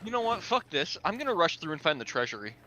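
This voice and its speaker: A man's voice: on the high side, sing-song, quick pace, background noise. A man playing a tabletop game, brash and impulsive. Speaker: player. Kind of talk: casual tabletop play.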